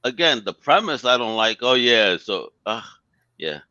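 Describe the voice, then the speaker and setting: A man's voice: mid-range voice, sing-song, unhurried, bright, forceful tone, no room sound, highs cut off. A man co-hosting a casual live talk show, blunt and opinionated, swearing heavily.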